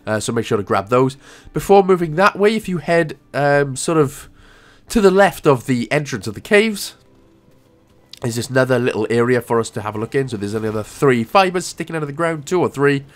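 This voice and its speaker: A man's voice: mid-range voice, lively intonation, fairly quick. A young Welsh man giving casual, rambling gameplay walkthrough commentary with jokey asides. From Wales.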